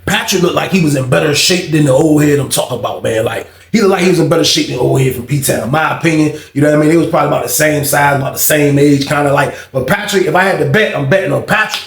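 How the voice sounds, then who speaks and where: A man's voice: on the high side, fast, creaky, hardly any pauses, echoey room. A man telling a story in a casual, slangy, profane way, acting out the people in it. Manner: slangy, profane, animated retelling with quoted voices.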